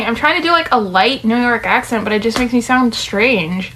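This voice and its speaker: A woman's voice: on the high side, animated, normal speed, few pauses, a bit bright, slight background noise. A young woman reading a story aloud casually, chatting and commenting on her own reading. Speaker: story reader. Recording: clear music underneath.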